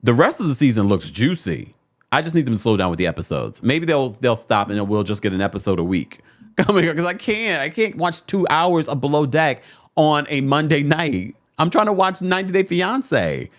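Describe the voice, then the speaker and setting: This man from New York hosts a podcast of casual pop-culture commentary, his voice a little high and his pace moderate. Animated and opinionated, he speaks directly to the listener.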